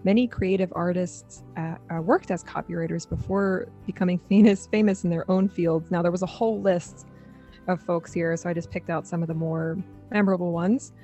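A woman's voice: lowish voice, fairly even intonation, a little fast, warm tone, faint music behind. A young adult woman co-hosting a podcast in casual chat, laughing often. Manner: chatty, laughs often, reads quotes aloud dramatically. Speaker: podcast co-host.

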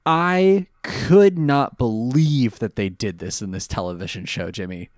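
A male podcast co-host casually recapping an episode, jokey and animated, with quick asides. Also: mid-range voice, no room sound, clean studio sound.

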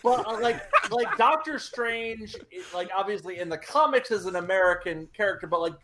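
A man's voice: high voice, animated, moderate pace, heavy background noise. A man co-hosting a casual film podcast, talking with frequent restarts and hesitations. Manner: hesitant, many restarts, laughs often. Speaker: podcast co-host.

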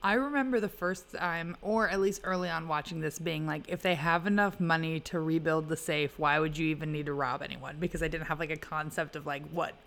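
A young woman with a low voice talks loosely about movies with friends. She giggles often and swears casually. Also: a little fast, few pauses, a bit bright. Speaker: podcast co-host.

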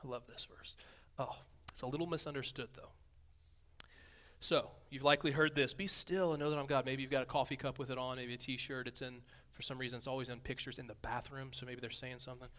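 A man in his thirties giving a sermon, conversational and playful, swinging from a hushed voice to booming emphasis. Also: level tone, fairly quick, slight background noise. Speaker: pastor.

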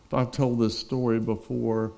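A middle-aged male pastor delivers a sermon in an easygoing, conversational manner, full of asides and personal stories. His voice sits at an ordinary pitch for a man. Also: little pitch movement, moderate pace, vocal fry, mellow. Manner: conversational preaching with asides and chuckles.

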